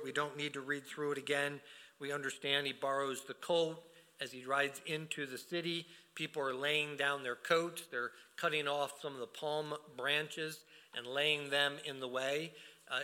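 A man's voice: a little high, pushed and bright. A man leading a prayer and then preaching a sermon, speaking earnestly with frequent fillers and restarts. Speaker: pastor.

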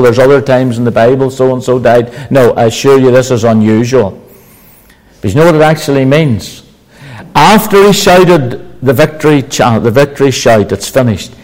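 A man delivering a sermon in an emphatic, declaiming manner. He swells into exclamations and then drops back, slowing down to lean on key words. His pitch sits in a moderate, middle range. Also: darkish tone, rough recording. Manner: emphatic, rising to exclamations, slow deliberate stress. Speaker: preacher.

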